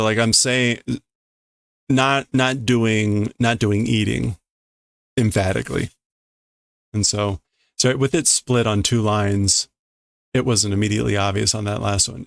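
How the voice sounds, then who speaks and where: A man streaming a casual read-through of a comic, translating line by line in a halting, self-correcting way and chuckling often. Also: lowish voice, fairly even intonation, vocal fry, no room sound, clean studio sound. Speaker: streamer reading manga to learn a language.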